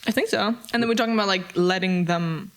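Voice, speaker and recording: A man's voice: high-pitched, fast, fairly bright tone, clear, resonant tone. A young man in his twenties from Scotland, co-hosting a casual podcast and teasing his friend with provocative questions. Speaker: co-host.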